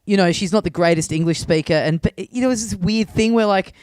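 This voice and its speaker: A man co-hosting a comedy podcast from a remote call, giving measured opinions with many hesitations. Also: high voice, a little mellow, clear, resonant tone, no echo. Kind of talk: casual chat.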